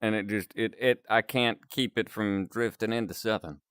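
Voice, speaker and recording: A man's voice: fairly low pitch, steady tone, moderate pace, a bit bright, clean tone, no echo. A man chatting casually on a live stream, rambling and chuckling between remarks.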